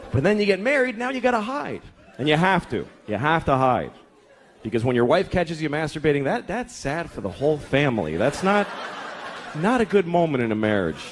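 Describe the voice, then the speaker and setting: A man's voice: a little high, sing-song, a little fast. A man in his thirties doing stand-up comedy, profane and exasperated, sometimes acting out voices. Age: 30s. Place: comedy club stage before a laughing crowd. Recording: live club recording with crowd noise.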